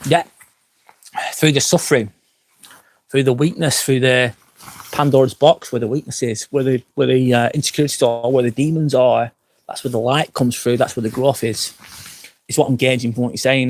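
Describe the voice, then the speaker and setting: At a nighttime campsite fire pit, a tipsy man in his forties live-streams, slurring as he answers comments with frank, swear-filled rambling. He speaks in a mid-range voice with fairly even intonation, a moderate pace, and long pauses.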